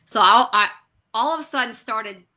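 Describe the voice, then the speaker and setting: A middle-aged woman, a guest on a video call, telling stories in an animated, emotional way. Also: on the high side, normal speed. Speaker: guest, drag racer. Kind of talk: casual interview chat.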